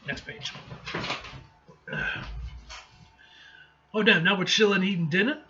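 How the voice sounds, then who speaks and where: Excitable man reacting to a comic, lo-fi. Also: high voice, slow, echoey room. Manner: animated, excitable, swears and laughs freely. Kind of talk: reading a comic aloud with casual reactions.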